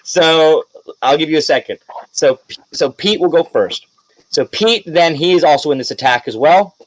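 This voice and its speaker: Game master, male, slightly raised pitch, loose rambling narration for a tabletop game. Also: poor audio. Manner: relaxed, rambling narration with fillers and quick bursts.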